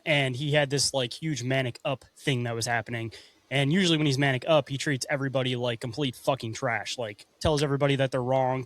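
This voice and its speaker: A man's voice: mid-range voice, dry recording. A man hosting a podcast in casual chat, talking bluntly and swearing casually. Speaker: podcast host.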